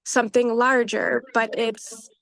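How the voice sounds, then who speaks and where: A woman, a coaching client, reflecting hesitantly in a group, with many pauses and fillers. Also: a little high, little pitch movement, vocal fry, a bit bright, dry recording.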